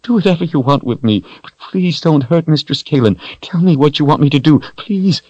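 A man's voice: a little high, lively intonation, brisk, a little mellow, dry recording, dull audio, pitched above the performer's own voice. A man voicing a desperate young male hero who begs in a strained, tearful voice. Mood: pleading.

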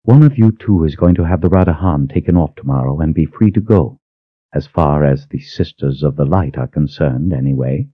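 A man voicing a cold, cruel woman sorceress who speaks with measured, mocking calm in an audiobook. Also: extremely low pitch, no room sound, narrow, tinny audio. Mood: cold menace.

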